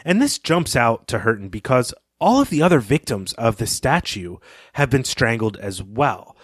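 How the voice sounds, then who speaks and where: A man's voice: medium pitch, big pitch swings, normal speed, slightly rough, dry recording, studio quality. A man co-hosting a book podcast, recapping and discussing a story in a conversational way. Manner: conversational, with fillers and occasional laughs.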